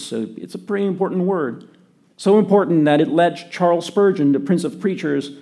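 A man preaching a sermon to his church in an earnest way, often dropping to a quiet voice for emphasis. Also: a little high, gravelly. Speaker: pastor.

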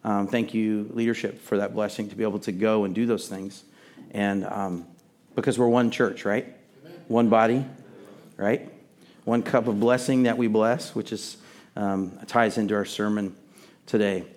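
A man's voice: fairly low pitch, fairly even intonation, normal speed, darkish tone. A worship pastor from Texas speaking to his church congregation in a loose, friendly, conversational way, often restarting his sentences. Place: church service before a congregation. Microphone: sound system microphone.

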